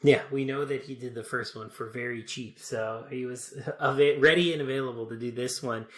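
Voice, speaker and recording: A man's voice: mid-range voice, fairly even intonation, fairly quick, roomy sound. A man in his thirties co-hosting a podcast, chatting casually about a movie with frequent laughs and hedging. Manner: laid-back, laughs often, hedging. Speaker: podcast co-host. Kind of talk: casual movie review chat.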